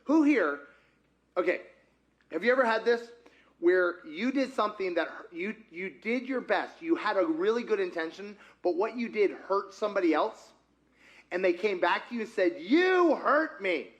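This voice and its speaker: Preaching from a church sanctuary, this man has a high voice and a moderate pace. His sermon is conversational and animated, and he asks the congregation questions often.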